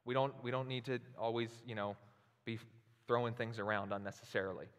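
A man preaching a sermon as pastor, moving from relaxed storytelling to loud, slow, emphatic passages. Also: mid-range voice. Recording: long hall reverb.

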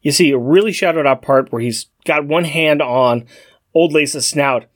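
A man's voice: on the high side, normal speed. A man co-hosting a podcast, chatting casually and upbeat as he leads each segment. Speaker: podcast co-host. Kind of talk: casual chat.

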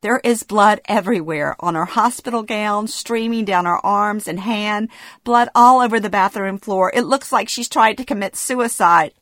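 A woman's voice: medium pitch, moderate pace, a bit bright, no echo, studio quality. A middle-aged woman reading her own memoir aloud, telling it in the present tense and acting out the dialogue with feeling. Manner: present-tense storytelling, emotional acted dialogue. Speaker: memoir narrator. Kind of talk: first-person memoir reading.

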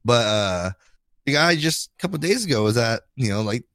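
Male podcast co-host, mid-pitched, relaxed and chatty, dry close mic. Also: a little fast, dry recording. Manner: laid-back, peppers talk with "you know" and "dude". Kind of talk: casual chat.

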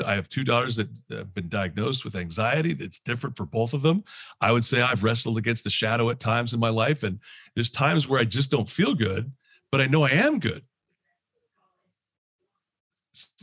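A man from Canada giving a candid, reflective talk, animated and quick to laugh as he acts out his inner voice. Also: medium pitch, husky, no room sound. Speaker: guest speaker.

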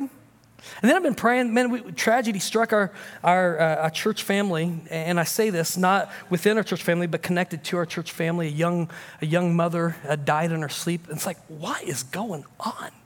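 A man preaching a sermon with a high, bright-pitched voice, moving between forceful emphatic lines and relaxed, conversational asides. His voice carries a long reverb from a large church hall. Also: normal speed. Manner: emphatic preaching, shifting to casual, confiding talk. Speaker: pastor.

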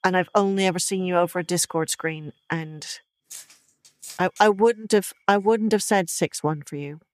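A woman's voice: on the low side, moderate pace, no echo. A woman playing in a comedy podcast game, working things out aloud in a methodical way. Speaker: player.

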